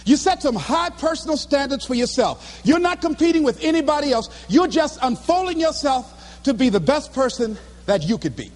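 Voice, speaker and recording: Fervent man preaching high and lively in a reverberant hall. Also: moderate pace. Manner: fervent, preacher-like cadence, often shouting. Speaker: motivational speaker. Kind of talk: live motivational speech.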